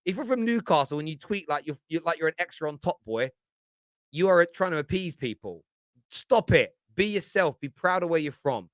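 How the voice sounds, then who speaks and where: A man's voice: on the high side, animated, normal speed, fairly bright tone, dry recording. Chatty man, dry close sound. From Britain. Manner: rambling, repeats words, lots of 'do you know what I mean'. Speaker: football pundit on a fan show. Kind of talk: casual opinionated chat.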